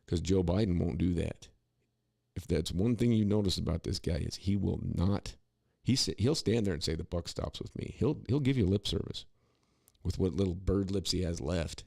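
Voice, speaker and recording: A man's voice: low-pitched, normal speed, vocal fry, a little mellow, no echo, clean studio sound. A man co-hosting a podcast, talking in a rambling, opinionated way with many restarts and asides. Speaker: podcast co-host. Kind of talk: casual political commentary.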